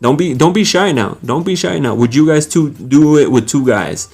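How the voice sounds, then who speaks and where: A man's voice: on the high side, expressive, moderate pace, darkish tone, breathy edge, soft background music. A young man hosting a live stream, casually greeting viewers by name and reading their comments aloud with frequent laughs.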